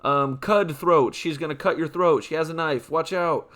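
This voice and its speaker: Young man, fairly high and crisp, for a comedy list-read: stretch each name, then rattle off the punchline. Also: a bit bright. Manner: rambling punny asides between names; drawn-out name reads with quick offhand quips. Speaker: comedy channel host. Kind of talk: comedic list-reading of nicknames.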